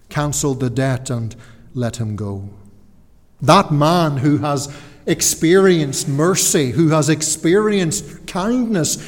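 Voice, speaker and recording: A man preaching a sermon, earnest and slowing down to stress key words. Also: a little high. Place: church. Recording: church hall reverb.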